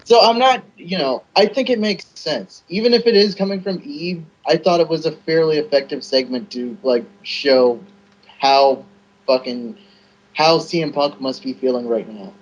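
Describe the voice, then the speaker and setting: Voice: medium pitch, moderate pace, muffled recording. A co-host in casual podcast chat, mocking and swearing.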